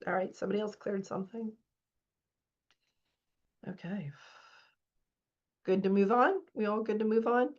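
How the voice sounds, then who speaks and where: A woman's voice: medium pitch, moderate pace, pauses often, highs cut off. A woman as a spiritual coach leading a live online masterclass, reading out participants' comments and urging them on emphatically.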